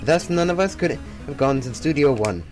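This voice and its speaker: A man's voice: fairly high pitch, expressive, normal speed, over music, close to an everyday voice. A man putting on a curt, clipped lady producer. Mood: brusque. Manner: terse, clipped, tries a vague Italian accent. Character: curt middle-aged female TV producer, brusque.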